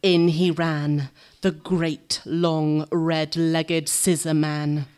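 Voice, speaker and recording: A woman's voice: deep voice, little pitch movement, drawn-out words, darkish tone. A woman performing a dramatic verse reading live on a theatre stage, playful and laughing between lines.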